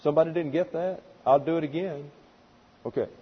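A man with a husky, slightly high voice delivers a methodical Bible lesson, counting off numbered points and dropping dry asides. The sound is dull and lo-fi, with a long hall reverb. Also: a little fast. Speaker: pastor. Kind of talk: expository Bible teaching.

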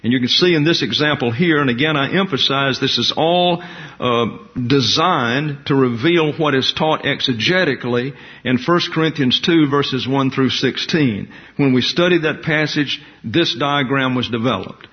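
A man preaching an expository Bible teaching sermon as pastor, speaking deliberately, explaining Greek terms and making side remarks. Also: mid-range voice. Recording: dull lo-fi recording.

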